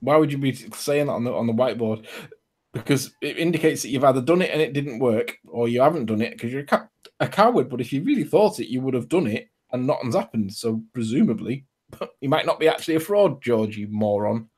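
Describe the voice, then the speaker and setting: A man with a Liverpool Scouse accent chatting on a video call. His voice sits at an ordinary middle pitch. He talks in a mocking, chatty way and laughs easily. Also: animated, fairly quick, a little mellow. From Liverpool, England. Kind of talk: casual online video call chat.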